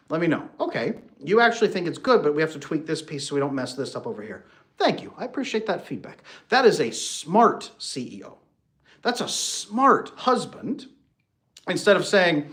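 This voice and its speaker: A man coaching on marriage, talking in a lively way and breaking into playful mock voices for his examples. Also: on the high side. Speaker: relationship coach. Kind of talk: animated solo talk with acted-out examples.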